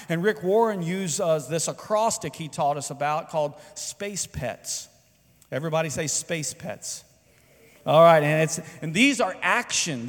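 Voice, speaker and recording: A man preaching to his congregation, his voice a little higher than most and carried by the long echo of a large church hall. He talks in a conversational way, asking the room questions and getting them to call back. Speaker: pastor. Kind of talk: sermon. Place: church sanctuary.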